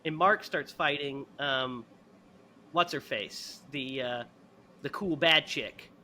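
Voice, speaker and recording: A man hosting a podcast who retells a movie in a casual, animated, profane way and laughs often. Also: a little high, takes it slowly, slight background noise. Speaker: podcast host. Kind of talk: casual movie review chat.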